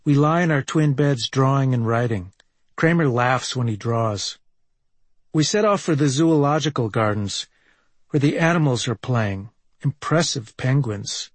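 A man from Minneapolis reads his own travel memoir in a wry, deadpan manner. His voice sits at a middling pitch. The sound is dry and close, with no room echo. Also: measured pace. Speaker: memoir narrator. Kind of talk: reading a personal travel memoir.

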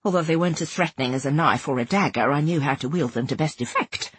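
A woman giving an expressive first-person narration of a novel. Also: deep voice, fast, husky, no room sound. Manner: expressive, dramatic. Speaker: audiobook narrator.

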